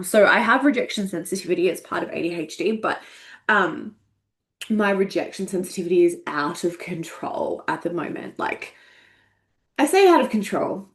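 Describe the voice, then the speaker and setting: A woman in her forties, a coach, talking candidly and emotionally, swearing freely and laughing at herself. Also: lowish voice. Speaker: energetics coach. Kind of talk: candid casual monologue.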